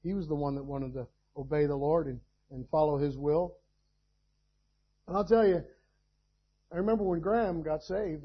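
Guy preaching, high-ish husky voice, gets loud in bursts, bit muffled sound. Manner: preaching with sudden loud climbs. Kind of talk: sermon.

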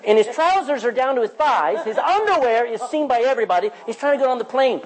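A man preaching a sermon in church, with loud rises and quiet drops. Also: very high voice, animated, quick pace, poor audio. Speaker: pastor.

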